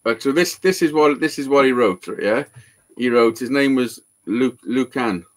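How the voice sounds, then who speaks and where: A man who repairs guitars, telling a story in casual live-show chat with lots of swearing and excitement. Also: mid-range voice, normal speed.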